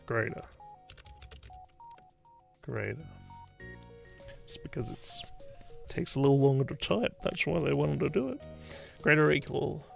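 Over soft background music, an Australian man with a slightly high, expressive voice and vocal fry chats casually while coding live. A streamer and game developer, he speaks a little slowly, pauses often, and rambles, thinking aloud and restarting frequently.

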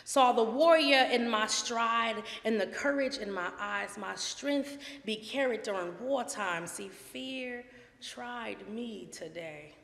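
A woman delivers spoken word poetry with a bright, forceful edge and an unhurried pace. She moves dramatically between hushed lines and loud ones. Her voice rings out in a room with a long, echoing tail. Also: fairly high pitch. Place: art gallery event before a live audience. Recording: echoey room with long reverb.

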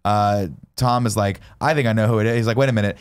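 A man's voice: on the low side, fast, smooth. A man co-hosting a podcast, casually recapping a film and acting out characters in goofy voices. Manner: animated retelling, acting out characters in silly voices. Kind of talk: casual chat.

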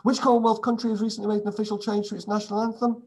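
Husky man with wry asides. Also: high voice, little pitch movement, very fast, a little mellow. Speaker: quiz presenter. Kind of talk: casual quiz answer read-through.

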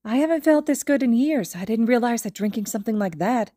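Woman doing teen girl, high-pitched, eager, grateful, lifted. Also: expressive, a little fast, warm tone, dry recording, clean studio sound. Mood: relieved.

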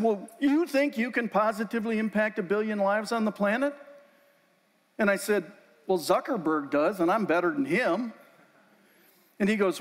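A man's voice: high voice, expressive, normal speed. A man giving an inspirational faith talk to a group, telling personal stories in a conversational, emotional way with asides to the audience. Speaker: speaker. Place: event room. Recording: long hall reverb.

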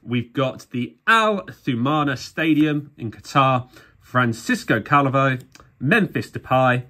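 A man from England talks through a vlog in a chatty, self-mocking way, sounding a little tired. He keeps calling out to his viewers as he goes, at an ordinary pitch for a man. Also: a bit bright. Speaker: sticker collecting YouTuber. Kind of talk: casual vlog commentary.

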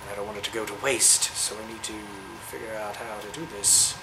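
A man giving chatty, excitable let's-play commentary, cooing at the creatures he meets. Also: fairly low pitch, brisk, background noise. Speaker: gamer.

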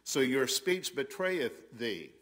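A Southern American man preaches a sermon with a bright, ringing voice. He presses his points hard and often stops to restart a sentence. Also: mid-range voice, sing-song, slow pace. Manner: emphatic, rising loud on quoted scripture, frequent restarts. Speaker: pastor.

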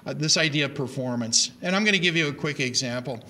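A man's voice: on the high side, fast talker. A middle-aged man giving an emphatic lecture on teaching reading to a live audience, often restarting his words. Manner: animated, emphatic, with many repeated starts. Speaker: reading education speaker.

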